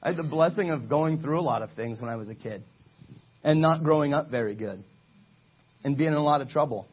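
A man in his thirties preaching a sermon to his congregation in a church, energetic and exhorting, calling for answers from the pews. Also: fairly high pitch, a little fast, slightly rough, highs cut off. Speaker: pastor. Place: church sanctuary.

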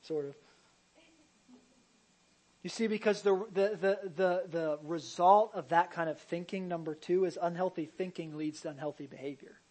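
A pastor delivers a sermon in a lifted, high-pitched voice. He talks to the room like a conversation, doubling back on his words and then driving points home with loud emphasis. Now and then he drops in a joke for the congregation. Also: moderate pace, low-quality recording. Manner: conversational preaching with repeated restarts and sudden loud emphasis; jokey asides to the congregation.

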